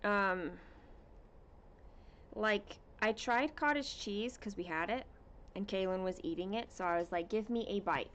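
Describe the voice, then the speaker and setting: A woman hosts a relaxed cross-stitch livestream from her home, chatting directly with her viewers. She talks at a notably slow, unhurried pace in an everyday mid-range voice. She leans on fillers and answers comments one by one. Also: medium pitch, a little hiss or hum. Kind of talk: casual chat with viewers.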